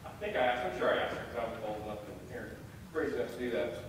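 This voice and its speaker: A young man telling a self-deprecating, animated story as a chapel speaker. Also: mid-range voice, racing, a little hiss or hum. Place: large hall. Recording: echoey hall from far off.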